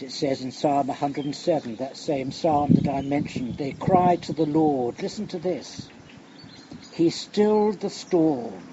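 An older man preaching a sermon, slow and reflective, sinking to a hush on key phrases. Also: medium pitch. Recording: muffled recording with background noise.

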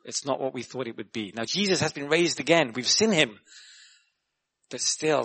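Young male preacher, mid-pitched, chatty and animated, asks the listeners questions. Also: normal speed, slightly rough. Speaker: guest preacher. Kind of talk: sermon.

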